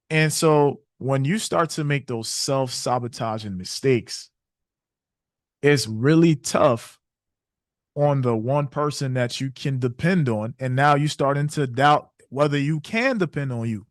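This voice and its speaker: A man's voice: medium pitch, measured pace, no echo, clean studio sound. A man hosting a webinar, talking casually and candidly, reflective, laughing often. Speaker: trading webinar host. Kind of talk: casual motivational talk.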